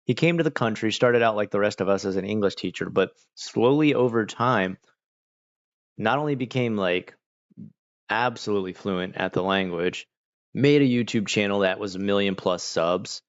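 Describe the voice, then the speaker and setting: An Australian man streaming, telling stories in a loose, rambling way, full of "like" and quick restarts. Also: fairly low pitch, muffled recording. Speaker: livestreamer. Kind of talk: casual chat.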